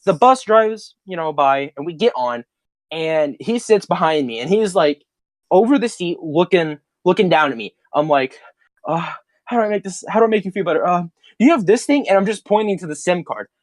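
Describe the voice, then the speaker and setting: A young man co-hosting a podcast, swapping childhood stories with a friend. His pitch swings widely as he talks, and he sounds animated and profane, laughing as he goes. The sound is dry and close. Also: moderate pace, no echo. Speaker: podcast co-host. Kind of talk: casual storytelling chat.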